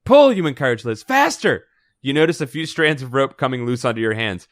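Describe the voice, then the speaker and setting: Man, host, gamebook reading, animated, jokey, bright, dry close sound. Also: mid-range voice, quick pace, dry recording. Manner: animated, jokey, acts out the quotes. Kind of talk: reading a gamebook aloud with asides.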